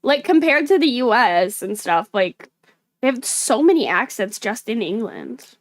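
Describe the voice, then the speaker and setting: A woman's voice: fairly high pitch, measured pace, no echo. A woman chatting casually on a live stream, rambling with lots of fillers over faint background music. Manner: rambling, filler-heavy, animated.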